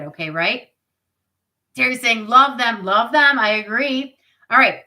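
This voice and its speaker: A woman's voice: fairly high pitch, pushed and bright, poor audio. A woman in her forties hosting a live product demo on webcam, chatty and upbeat, with asides to her viewers. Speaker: product party host.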